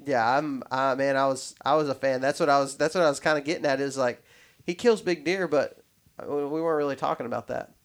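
A man hosts a casual podcast. He tells stories with many restarts and quoted dialogue. His voice is mid-pitched. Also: fairly even intonation, fast. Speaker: podcast host.

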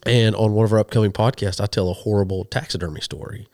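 Low-voiced man telling stories. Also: fast, creaky, no room sound, clean studio sound. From western Oklahoma. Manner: animated, acts out quoted voices. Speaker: guest, hunting show host and minister. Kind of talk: casual storytelling.

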